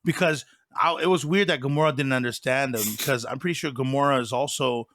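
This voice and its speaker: A man's voice: medium pitch, fairly quick, fairly bright tone, no echo, studio quality. A man co-hosting a casual movie podcast, rambling with many fillers and hedges. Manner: rambling, lots of fillers and hedging. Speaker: podcast co-host. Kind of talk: casual movie review chat.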